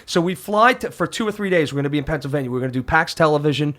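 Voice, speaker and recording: A man's voice: on the high side, racing. A middle-aged man telling stories in casual, profane podcast chat, often acting out other people's voices. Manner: animated storyteller who acts out other people's voices. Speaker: guest, musician father of a host.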